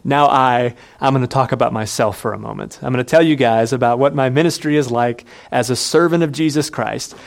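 A man in the middle of a sermon, speaking at an ordinary mid pitch. He talks earnestly and conversationally. He jumps his voice up when he acts out the people in his story. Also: fairly quick, creaky, few pauses. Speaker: pastor.

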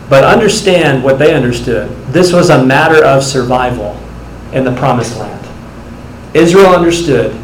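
A young man preaching a sermon as pastor, earnest and direct, building to animated storytelling. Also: medium pitch, fairly quick, roomy sound, a little hiss or hum, low-quality recording.

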